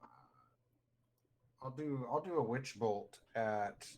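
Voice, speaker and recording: A man's voice: mid-range voice, slow, darkish tone. A man playing a tabletop game, explaining his moves in a casual, rambling way. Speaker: player.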